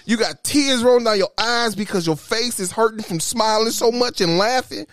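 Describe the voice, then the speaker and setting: A man, telling rowdy stories in a profane, animated casual chat. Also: high-pitched, moderate pace, dry recording, studio quality. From Detroit, Michigan.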